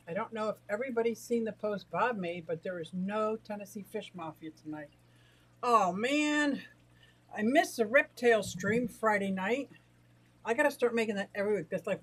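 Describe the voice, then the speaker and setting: A middle-aged woman from the United States, out of breath and excitable, chatting casually on a livestream about her fish and greeting viewers. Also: medium pitch, slightly rough, rough recording. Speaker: aquarium and exotic pet livestreamer.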